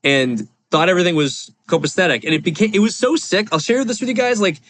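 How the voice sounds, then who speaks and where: A man's voice: sits high, quick pace, a bit bright, no echo. A man in his forties, a podcast guest, telling a personal story candidly in a rambling, confessional way with lots of fillers. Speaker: podcast guest, real estate investor.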